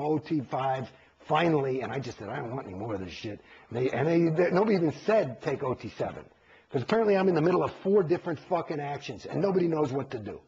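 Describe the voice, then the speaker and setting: A man's voice: a little high, husky, highs cut off. A middle-aged man giving an interview, talking candidly and profanely, acting out quotes as he tells his story. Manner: profane, animated, acts out quotes. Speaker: interview guest.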